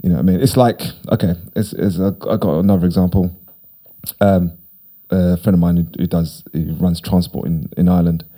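A middle-aged man from the United Kingdom, with a deep, mellow voice, speaks at a brisk pace in a steady tone. As a podcast guest in casual conversation, he rambles and repeats himself for emphasis.

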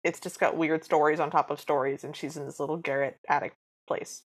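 A woman with a low, steady-toned voice co-hosts a podcast, chatting briskly and casually as she recaps a cartoon. She acts out its scenes with playful voices.

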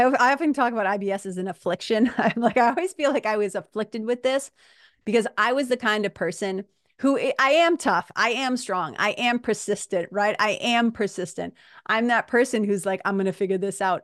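An effusive woman hosts her own podcast alone, speaking to listeners as "you guys" and doubling back on her words for emphasis. Her voice sits at a middling pitch, recorded close and dry with no room sound. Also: no room sound. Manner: upbeat, effusive, repeats phrases, addresses listeners as "you guys". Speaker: podcast host and IBS hypnotist. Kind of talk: solo podcast monologue.

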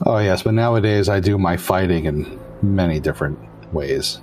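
A man voicing a gracious, aristocratic old male vampire elder with a formal, halting manner. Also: low-pitched, darkish tone, faint music behind, natural voice. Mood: courtly.

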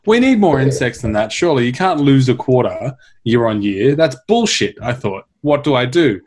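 A man telling a comic science story on a podcast, wry and animated, swearing for laughs. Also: mid-range voice, normal speed. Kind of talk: casual comedic science chat.

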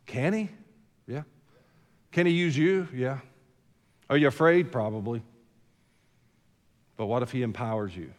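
A senior pastor preaches in a church sanctuary, his medium-pitched voice a little slow, with long pauses and a long reverb tail. His sermon is conversational and folksy, packed with rhetorical questions.

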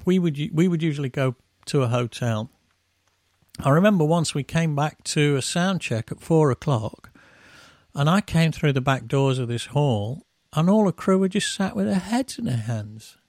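A man's voice: fairly high pitch, expressive, normal speed, a little mellow, no room sound, clean studio sound. A middle-aged man, a musician guest, telling rambling tour anecdotes and acting out the quotes. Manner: rambling, with acted-out quotes and laughs. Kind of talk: anecdotal storytelling.

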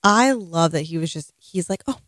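A woman co-hosting a podcast in casual chat, excitable and swearing, with playful sarcasm. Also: fairly low pitch, normal speed, no room sound, studio quality. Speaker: podcast co-host.

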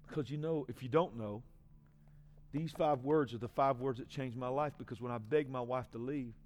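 A man in his forties, a pastor, giving an emotional personal testimony in a sermon, swinging from hushed to loud. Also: medium pitch, moderate pace. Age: 40s.

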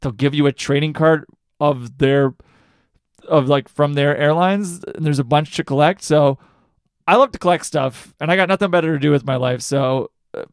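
A man's voice: on the high side, clear, resonant tone, no echo, studio quality. A young adult man hosting a podcast alone, chatting casually in a rambling, self-deprecating way, with lots of fillers. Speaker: podcast host. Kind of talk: casual chat.

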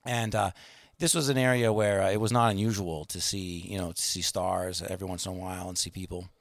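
A man's voice: deep voice, little pitch movement, a little fast, dry recording, studio quality. A man telling a long anecdote in casual chat, rambling with many fillers and restarts and acting out the people he quotes.

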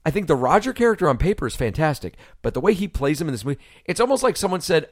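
A man's voice: a little high, racing, hardly any pauses, dry recording, clean studio sound. A man co-hosting a casual movie review chat, swearing freely and mimicking characters as he talks. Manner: profane, animated, mimics singing and characters. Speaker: podcast co-host.

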